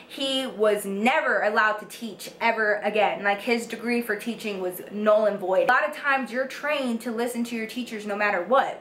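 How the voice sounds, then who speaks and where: A woman's voice: fairly high pitch, a bit bright. A young woman in her twenties from the United States, telling a storytime to her viewers, swearing freely and saying "like" and "you guys" a lot. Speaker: beauty vlogger. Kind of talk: storytime monologue to camera. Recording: echoey room with faint background hiss.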